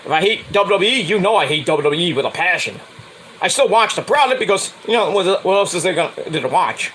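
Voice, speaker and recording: Brash New host, blunt and swearing, animated pitch swings. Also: male voice, brisk, slight background noise, poor audio. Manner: profane, blunt, mocks with high whiny voices. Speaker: podcast host. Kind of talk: casual sports rant.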